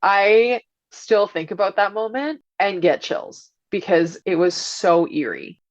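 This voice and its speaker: A woman's voice: medium pitch, slow, no echo. A woman working as a doula earnestly recounts a tense experience, retelling what was said back and forth. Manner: earnest, animated retelling with quoted dialogue. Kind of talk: first-person storytelling. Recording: dull lo-fi audio with faint music.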